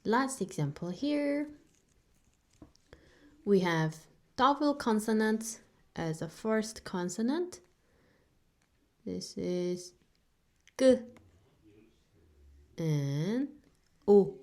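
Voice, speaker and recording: A woman's voice: medium pitch, animated, extremely slow, pauses often, darkish tone. A woman teaching a beginner language lesson, a native Korean speaker who patiently repeats each sound several times for learners.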